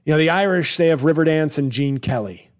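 A man's voice: on the high side, brisk. Rambling male comedian podcaster. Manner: rambling, self-interrupting, puts on mock voices for bits. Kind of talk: solo podcast monologue.

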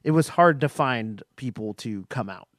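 A man in casual chat, speaking haltingly with many restarts and fillers. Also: medium pitch, expressive, fairly bright tone, no room sound, studio quality.

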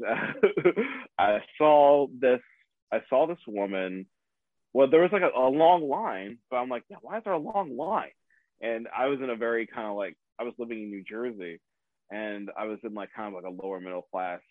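This man has a lowish voice, recorded dry with a tinny, phone-like quality. He tells a personal story in relaxed conversation, laughing often, cursing freely, and making fun of himself.

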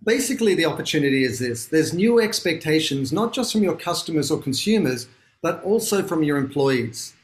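Animated Australian man, roomy sound. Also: fairly high pitch, fairly quick. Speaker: guest, author. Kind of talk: interview conversation.

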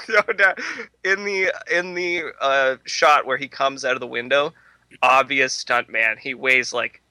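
Young podcast guy, super bright voice, crude jokey movie talk, dry close mic. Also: mid-range voice, a little slow, no echo. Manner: laughing, crude, riffing. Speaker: podcast co-host. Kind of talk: casual movie commentary podcast.

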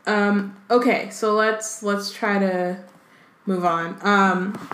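A woman's voice: mid-range voice, steady tone, slow, fairly bright tone, reverberant. A woman co-hosting a casual book podcast, chatting with lots of fillers and reading passages aloud.

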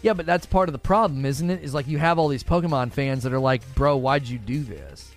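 A man's voice: fairly high pitch, fast talker, soft background music. A man hosting a gaming livestream, chatting casually with viewers, joking and reading chat aloud.

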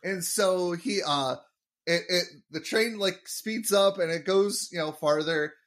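Rambling young man with a higher voice. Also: a little slow, a bit bright. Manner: rambling, with frequent fillers and laughs. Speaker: podcast host. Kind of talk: casual chat recapping an episode.

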